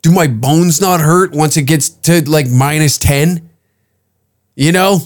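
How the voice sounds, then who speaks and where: A man's voice: on the high side, slow. Profane rambling man in his fifties. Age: 50s. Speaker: podcast host. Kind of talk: comedic podcast rant.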